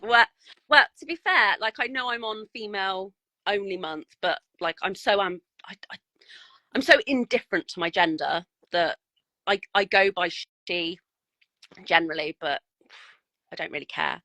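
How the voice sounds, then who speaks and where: A woman's voice: medium pitch, animated, normal speed, sharp tone, no room sound, poor audio. A woman, a guest miniature painter, chatting bluntly and frankly on a podcast and swearing freely. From United Kingdom. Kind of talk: casual podcast chat.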